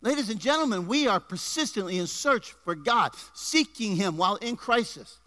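A man preaching a sermon to a congregation, energetic, with rising emphasis and asides to the people in the pews. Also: high-pitched, moderate pace. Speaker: pastor. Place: church before a congregation.

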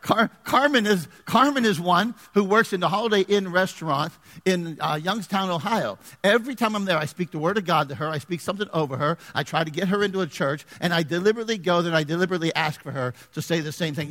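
A man preaching a sermon as pastor, animated and joking with the congregation in church. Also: high-pitched, fairly quick, big-room sound.

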